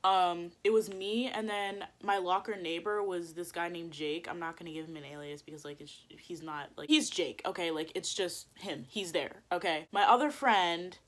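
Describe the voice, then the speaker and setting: A young woman telling a story on her vlog in casual chat, animated, saying "like" a lot and swearing freely. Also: fairly low pitch, normal speed, few pauses. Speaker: vlogger.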